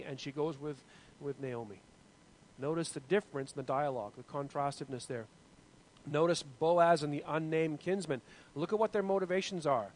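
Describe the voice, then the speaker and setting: A man's voice: a little high, normal speed, a little mellow, poor audio. A man in his forties giving an informal Bible lesson, asking the class questions and often restarting his sentences. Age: 40s. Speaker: Bible teacher.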